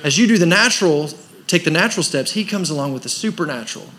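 A man's voice: a little high, expressive, quick pace, a bit bright. A man preaching a sermon as pastor of a church, pressing his points with rhetorical questions and rising emphasis. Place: church service.

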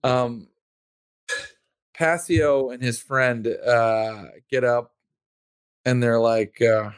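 Relaxed storyteller running a tabletop game. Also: medium pitch, extremely slow, long pauses, smooth, dry recording. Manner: relaxed, hesitant, many fillers.

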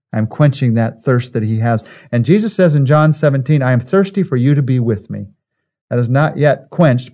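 A man's voice: mid-range voice, mellow. A man preaching a sermon in an earnest way, building his points through repetition. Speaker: pastor.

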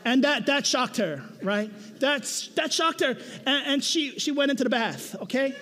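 A young man preaching in a very high voice, talking with his congregation more than at it and peppering each point with "right?". He tells stories with self-mocking humor. His voice rings with long reverb, as in a large hall. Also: animated, moderate pace, hardly any pauses, bright, forceful tone. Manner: conversational, keeps asking "right?". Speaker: pastor. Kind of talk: sermon. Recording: echoey hall.

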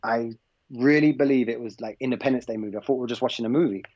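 A man tells a story casually, acting out what people said and leaning on plenty of "like"s. His voice sits at an ordinary middle pitch. The recording is dry, with almost no room sound, and a little dull and lo-fi. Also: racing, darkish tone, dry recording. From England. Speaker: podcast guest, basketball coach. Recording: slightly dull, lo-fi podcast audio.

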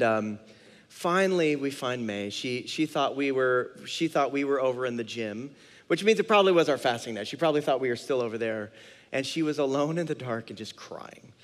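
A man in his thirties preaching a sermon as pastor, telling a story with lively, acted-out bursts of panic. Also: mid-range voice. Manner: animated storytelling, acts out his own panic. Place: church sanctuary. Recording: long hall reverb.

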